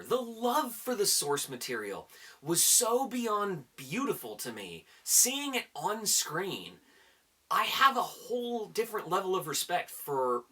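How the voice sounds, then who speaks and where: A man doing a casual countdown of his favorite movies as a vlogger, excitable and hyping things up, swearing casually as he talks. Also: high voice, slightly rough.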